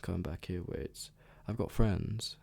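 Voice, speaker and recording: A young man rambling casually in a soft, half-whispered ASMR chat, full of fillers and the odd swear word. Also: low-pitched, fairly even intonation, moderate pace, gravelly. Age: young adult. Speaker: ASMR creator.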